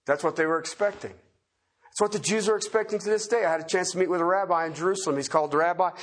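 A man preaches a folksy sermon, shifting between loud, emphatic points and quiet, chuckling asides. His voice is high-pitched and fast.

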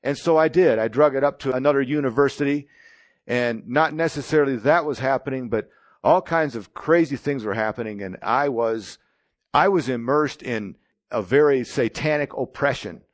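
A man's voice: mid-range voice, normal speed, no room sound. A man in his sixties preaching a sermon, telling his own testimony in a plain-spoken, storytelling way.

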